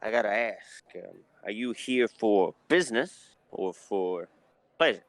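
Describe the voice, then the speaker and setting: A man doing a gruff suspicious barkeep. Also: lowish voice, animated, a little slow, no echo. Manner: folksy, calls people son. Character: gruff middle-aged male barkeep, suspicious.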